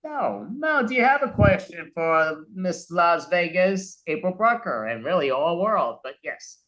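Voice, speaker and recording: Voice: medium pitch, sing-song, a little slow, a bit bright. Casual podcast host; rambling, hesitant interview questions.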